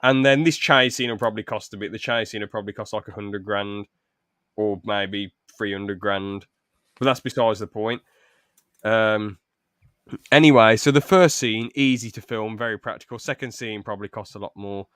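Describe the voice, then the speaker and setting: A young man hosting a podcast, pitching a film script in a rambling, stop-start way with lots of fillers. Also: normal speed, a bit bright, no echo, clean studio sound. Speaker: podcast host. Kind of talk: casual podcast chat, reading out a film pitch.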